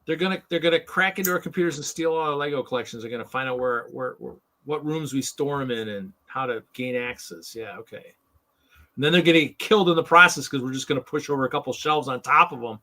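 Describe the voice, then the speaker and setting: A man's voice: medium pitch, fast, pushed and bright. A man hosting a live hobby stream in casual chat, ranting in an exasperated, sarcastic way and often repeating himself.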